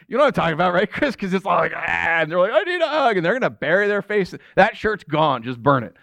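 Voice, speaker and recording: A middle-aged pastor giving a sermon in a conversational, jokey way, often asking the audience questions. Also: male voice, high-pitched, expressive, fast talker, gravelly, fairly bright tone, no echo.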